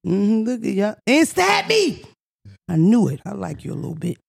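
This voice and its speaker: Brash, profane Philly woman with a gravelly edge. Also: mid-range voice, quick pace, no echo, clean studio sound. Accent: Philadelphia. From Philadelphia. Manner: brash, profane, animated storytelling. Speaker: podcast host. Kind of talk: casual comedic chat.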